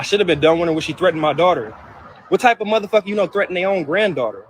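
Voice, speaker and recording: Man, high voice, rapid-fire heated profane rant, hurt and upset; personal vlog to camera. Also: animated, a little hiss or hum. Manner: heated, profane, repetitive outbursts. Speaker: vlogger. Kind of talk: emotional personal venting to camera.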